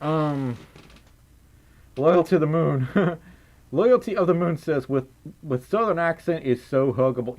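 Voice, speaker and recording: A man's voice: fairly high pitch, unhurried, long pauses, a little mellow. A man with a slightly raised voice chats his way through a late-night livestream. He sounds tired, rambles, and keeps breaking into giggles as he thanks viewers for donations. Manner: giggly, rambling, laughs often. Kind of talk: casual livestream chat.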